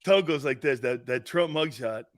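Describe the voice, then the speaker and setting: This man hosts a sports talk show, chatting and telling stories in a boisterous, casual way, laughing often and swearing freely. His voice is medium in pitch and moves at a normal speed.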